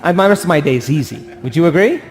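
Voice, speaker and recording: Gravelly man giving an animated talk. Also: fairly high pitch, racing. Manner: animated, asks the audience for agreement, acts out voices. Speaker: speaker. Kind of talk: motivational talk to an audience.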